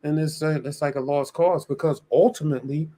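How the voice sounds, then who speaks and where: A man's voice: on the high side, fairly even intonation, brisk, dark tone. A man on a dating-show review panel, arguing his point in casual talk with many restarts. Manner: argumentative, explains at length with many restarts. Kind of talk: casual debate on a video panel.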